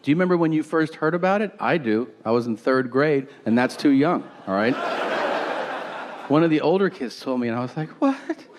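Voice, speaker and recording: Animated, profane stand-up comedian. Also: male voice, mid-range voice, long reverb tail, noisy background. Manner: animated, profane, acts out dialogue. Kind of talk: stand-up storytelling. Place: comedy stage.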